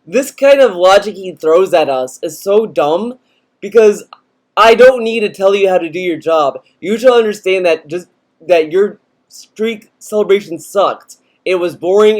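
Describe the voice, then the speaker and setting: A man ranting sarcastically in a video commentary, full of fillers and mocking asides. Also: sits high. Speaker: commentary youtuber.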